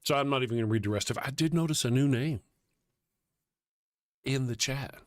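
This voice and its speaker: A man's voice: mid-range voice, racing, dry recording, studio quality. A man co-hosting a live talk show, chatting casually about politics, sardonic and profane, thanking viewers from the chat. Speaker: co-host of a call-in show.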